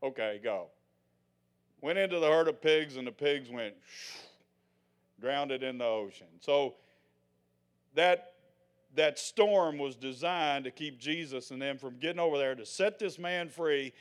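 An older man preaching a sermon in a folksy way, swinging from loud proclamations to hushed asides. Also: on the high side, a little slow, clear, resonant tone. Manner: folksy, acts out the scenes he tells.

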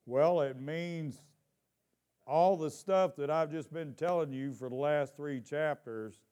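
A man with a slightly high, dark-toned voice preaches as pastor in a church. He calls out questions that draw responses from the congregation and gives scripture a drawn-out, emphatic reading.

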